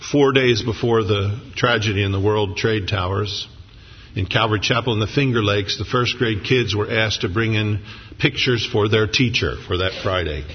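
In a reverberant hall, recorded in dull lo-fi, a pastor preaches at normal speed in a lowish voice with a breathy edge. He tells family stories humorously before shifting to an earnest, reflective tone.

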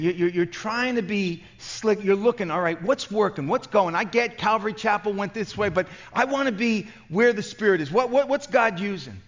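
A man with a New York accent preaching at a conference, telling stories with passion and frequent stammering restarts. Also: sits high. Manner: impassioned, stammering restarts, storytelling. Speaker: pastor. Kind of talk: conference sermon. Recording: dull lo-fi recording.

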